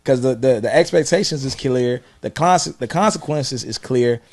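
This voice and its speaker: A man's voice: mid-range voice, moderate pace. A man who used to teach, chatting casually and acting out stories on a podcast. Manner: relaxed, storytelling, acts out yelling. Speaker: former teacher.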